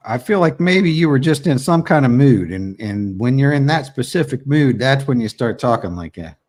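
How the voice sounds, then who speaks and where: Man, podcast co-host, casual profane banter, teasing, mid-pitched voice. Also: expressive, normal speed, a little mellow. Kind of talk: casual chat.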